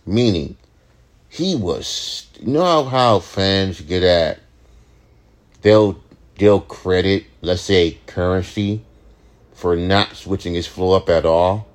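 Profane ranting young man, low voice. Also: slow pace. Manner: profane, ranting, rambling with restarts. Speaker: podcast host, rapper. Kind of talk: casual late-night monologue.

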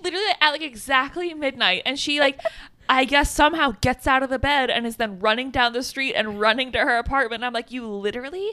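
A woman co-hosting a podcast, narrating a film's plot in casual chat and giggling often between quick asides. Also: high-pitched, bright, forceful tone, dry recording. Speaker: podcast co-host. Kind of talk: casual film recap chat.

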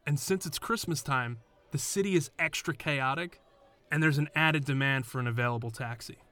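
Man, first-person narrator, scripted storytelling, blunt, swearing, sardonic, mid-pitched. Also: fairly bright tone.

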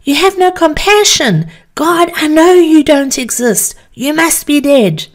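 A woman's voice: a little high, measured pace, voice pushed up. A woman voicing a desperate, jobless man who pleads with and rails at God in anguish. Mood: raging. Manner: anguished, pleading, rising to shouts.

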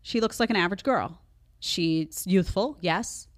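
A woman's voice: fairly low pitch, measured pace. A middle-aged woman hosting a live commentary show, talking emphatically and directly to her viewers. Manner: emphatic, conversational, talks straight to viewers. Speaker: show host.

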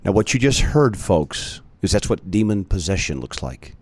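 A man's voice: low-pitched, big pitch swings, normal speed. A man hosting an opinion podcast, talking straight to his listeners in an emphatic, indignant way. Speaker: podcast host. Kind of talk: opinion commentary.

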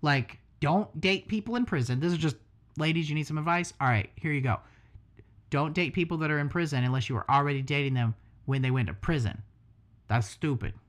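A man's voice: fairly high pitch, fairly quick. Joking, foul-mouthed male podcast host. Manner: joking, profane, rambling. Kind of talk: casual chat on a livestreamed podcast.

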